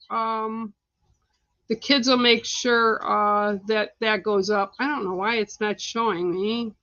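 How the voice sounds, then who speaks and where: A woman's voice: on the high side, pushed and bright, dry recording, dull audio. A middle-aged woman hosting a livestream, giving psychic card readings in a blunt, chatty way and laughing often. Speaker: psychic card reader, show host.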